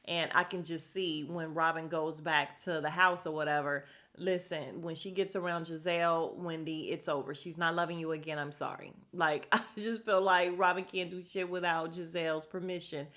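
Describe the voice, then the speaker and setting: A woman talks through a TV recap in a loose, chatty way. Her voice sits a little low, and she is blunt and fed up with the drama. She sighs and laughs as she goes. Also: steady tone, moderate pace, few pauses, a bit bright. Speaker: podcast host reviewing a reality show. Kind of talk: casual recap commentary.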